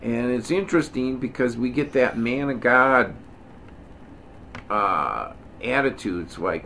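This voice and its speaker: A man's voice: mid-range voice, animated, normal speed, fairly bright tone, slight background noise. A middle-aged man leading an informal Bible study, reading verses aloud with emphasis and drifting into digressions, self-corrections and joking asides. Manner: reads scripture aloud with emphasis. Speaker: Bible teacher.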